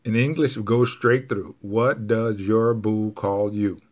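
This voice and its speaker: A man's voice: lowish voice, fairly even intonation, takes it slowly. A man teaching Spanish grammar to a class, patiently repeating each point step by step.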